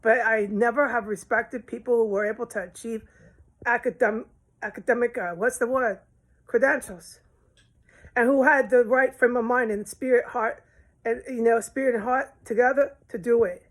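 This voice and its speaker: A woman's voice: fairly high pitch, fairly even intonation, normal speed, rough recording. A woman from the United States delivering an angry, rambling, profane vlog rant. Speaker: vlogger. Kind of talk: angry ranting monologue.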